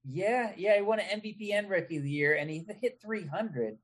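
A man guest on a casual podcast, chatting excitedly and reciting sports stats. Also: high voice, brisk.

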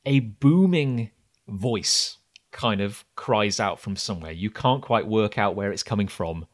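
A man narrating a tabletop game as game master, describing scenes haltingly with many fillers. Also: fairly low pitch, lively intonation. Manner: hesitant, filler-heavy describing.

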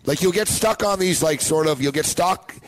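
A man's voice: on the high side, moderate pace, low-quality recording. A young man hosting a sports betting show, chatting casually and rambling, often repeating himself.

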